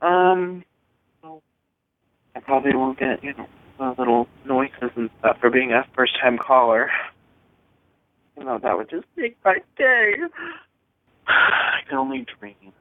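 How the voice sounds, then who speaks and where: A man from Washington State leaving a giddy, rambling voicemail for a podcast, squealing in falsetto now and then. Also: very animated, slow pace, long pauses. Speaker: voicemail caller. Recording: tinny dry phone line.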